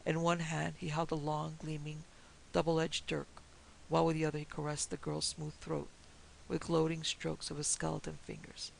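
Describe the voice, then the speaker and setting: Woman, horror story narrator, steady and measured, gravelly, flat delivery. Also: sits low, a little hiss or hum, rough recording.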